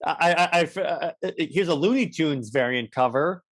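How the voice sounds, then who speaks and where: A man's voice: on the high side, lively intonation, normal speed, fairly bright tone. A man co-hosting a podcast, casually recapping a comic with many restarts and acted-out quotes. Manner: rambling, many restarts, acts out lines. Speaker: podcast co-host.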